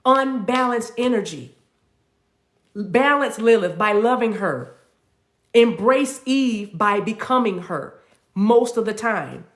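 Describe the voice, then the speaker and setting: A woman teaching spirituality in a loose, animated, conversational way, laughing easily as she goes. Her voice sits somewhat high and rings around a roomy, echoey space. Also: slow. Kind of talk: casual spiritual talk.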